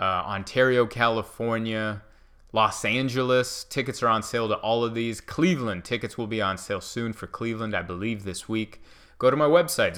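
Male comedian host, bright and animated, riffing casually. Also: on the low side, clean tone. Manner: animated, self-mocking storytelling.

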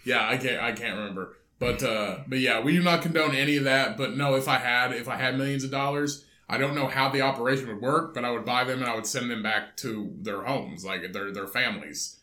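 A man's voice: medium pitch, fairly quick, hardly any pauses, pushed and bright. A young man co-hosting a podcast in casual chat, rambling, swearing a lot and often restarting his sentences. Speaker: podcast co-host. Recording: echoey room.

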